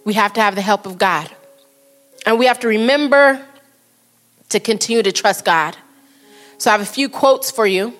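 A woman preaching a sermon to a congregation, speaking earnestly and slowing down for quotes and prayers. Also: medium pitch, a bit bright, faint music behind.

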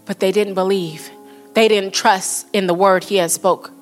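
A woman preaching a sermon to a congregation, speaking earnestly and slowing down for quotes and prayers. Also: mid-range voice, fairly even intonation, soft background music.

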